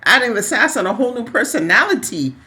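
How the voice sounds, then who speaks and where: Lively woman with a bouncing pitch. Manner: lively, quick to tease and react. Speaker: podcast co-host. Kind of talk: casual chat.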